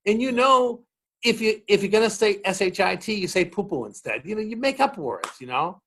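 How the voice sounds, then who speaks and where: Animated Boston man telling stories. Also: high-pitched, a little fast. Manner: animated storyteller acting out quotes. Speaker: comedian guest. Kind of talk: casual chat, storytelling.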